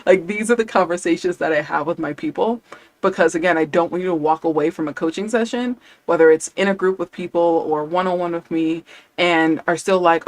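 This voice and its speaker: A woman's voice: on the low side, brisk. A woman talking as a language coach in a casual live stream, chatty and enthusiastic, often quoting her students.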